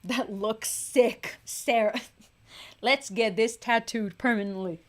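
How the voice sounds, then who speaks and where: A woman's voice: fairly high pitch, takes it slowly. A woman hosting a livestream who thinks aloud in casual chat as she draws, tired, sighing and poking fun at herself. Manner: thinks aloud, self-mocking, sighs. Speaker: livestream host and singer.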